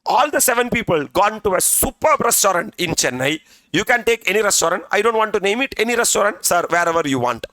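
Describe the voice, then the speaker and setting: Man, middle-aged, classroom lecture, bright tone. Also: high voice, sing-song, fast, no echo. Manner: chatty, keeps asking "are you with me", says "sir" often. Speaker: CA exam tutor. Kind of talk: classroom lecture with story examples.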